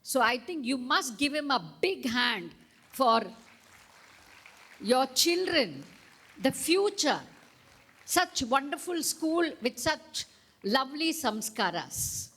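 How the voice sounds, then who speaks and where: Slow, high-voiced Indian storyteller woman. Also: breathy edge. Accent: Indian English. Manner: slow, animated, coaxing the crowd. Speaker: storyteller and guest speaker. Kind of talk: speech to school audience with call-and-response. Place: school event hall.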